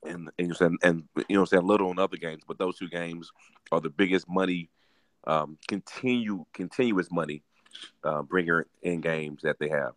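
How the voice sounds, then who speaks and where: A man co-hosting a casual gaming podcast, talking in a halting way with many restarts and ums. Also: sits low, a bit bright, no room sound. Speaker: podcast co-host.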